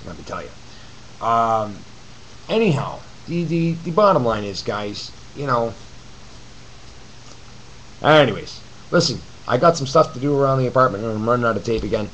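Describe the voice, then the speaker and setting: A man's voice: fairly low pitch, fairly bright tone, a little hiss or hum, rough recording. A man giving a blunt, profane, rambling webcam rant to his viewers from his apartment. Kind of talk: ranting webcam video reply. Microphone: camcorder mic.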